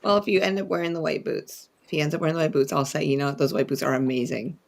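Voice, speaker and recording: A man's voice: fairly high pitch, steady tone, quick pace, gravelly, a little hiss or hum. A man co-hosting a sewing livestream in easygoing, agreeable casual chat. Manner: easygoing, agreeable, soft-spoken. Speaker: co-host.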